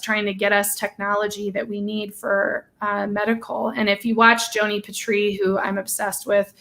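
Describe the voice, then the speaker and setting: A woman hosting a casual live-stream chat, bubbly and gushing, running off on quick tangents. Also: mid-range voice, fairly bright tone.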